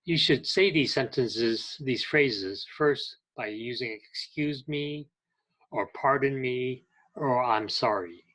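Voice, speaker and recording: Captured in a low-quality recording, a man speaks in a mid-range, slightly bright voice. He teaches English at a slow pace, reading direction and clarification phrases aloud as examples with patience and deliberation, as an ESL teacher would.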